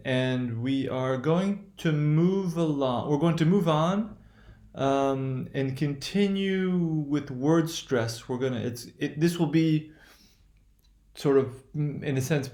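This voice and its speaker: A man gives a recorded lesson at a middle pitch, talking in a hesitant, searching way with plenty of fillers and restarts. He explains slowly and circles back to repeat his points. His voice rings in a noticeably echoey room. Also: darkish tone. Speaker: English pronunciation teacher.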